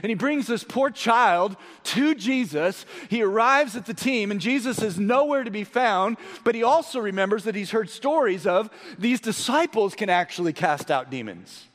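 A male pastor delivering a sermon with a fairly high voice that carries a long hall reverb. He drops to a hushed, low tone for storytelling, then rises to excited, emphatic preaching. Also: normal speed, hardly any pauses.

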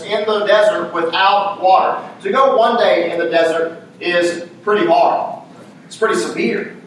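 A man's voice: high voice, a little hiss or hum. A man preaching a sermon as pastor, repeating his points with emphasis and asking his listeners rhetorical questions. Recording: echoey church room, mic far off.

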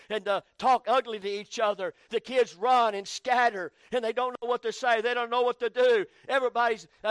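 A man's voice: sits high, fairly bright tone, clean tone, no echo. A man preaching a sermon in rhythmic, repeated phrases that rise to emphatic calls.

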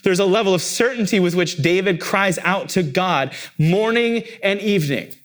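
A man's voice: high voice, moderate pace. A pastor delivering a sermon, repeating phrases emphatically and lifting his voice on key words.

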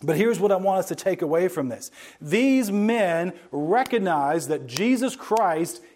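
A man giving a sermon-style Bible lesson, speaking emphatically and slowing down to stress key words, with conversational asides to his listeners. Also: high-pitched, lively intonation, darkish tone, a little hiss or hum. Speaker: Bible teacher.

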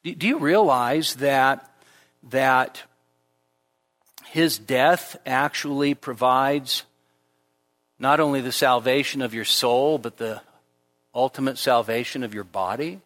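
A man preaching a sermon to a church congregation, rising to emphatic high peaks on key points and dropping into conversational asides and light humor. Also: slow, long pauses, fairly bright tone, big-room sound. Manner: emphatic, climbs sharply in pitch when stressing a point. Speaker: pastor. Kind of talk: expository sermon. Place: church service before a congregation.

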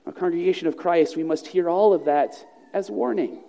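A man with a high, mellow voice preaching a sermon in a church sanctuary. He speaks in a measured, earnest way and slows down to stress key phrases. The sound carries a long reverb from the large hall. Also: gravelly. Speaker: pastor.

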